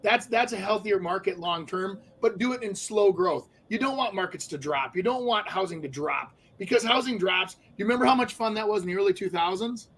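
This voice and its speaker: A man's voice: high voice, brisk, few pauses, fairly bright tone, breathy edge. A man co-hosting a radio show, chatting casually with lots of fillers and restarts. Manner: talkative, many fillers and restarts.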